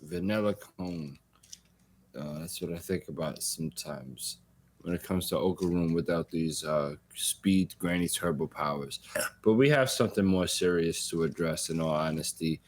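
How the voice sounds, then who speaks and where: A man's voice: low voice, moderate pace. A man co-hosting a podcast, riffing in a jokey, offhand way. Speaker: podcast co-host. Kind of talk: casual chat.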